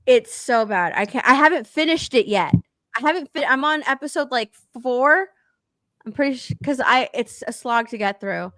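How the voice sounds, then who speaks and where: Animated, swearing woman ranting about TV. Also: high-pitched, normal speed, no echo, studio quality. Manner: animated, swears freely, laughs while ranting. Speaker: podcast co-host. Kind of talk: casual pop culture chat.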